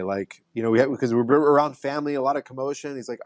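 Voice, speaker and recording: A man's voice: mid-range voice, fast, hardly any pauses, no room sound, clean studio sound. A man who is a podcast guest, in casual conversation, telling an earnest story with frequent restarts.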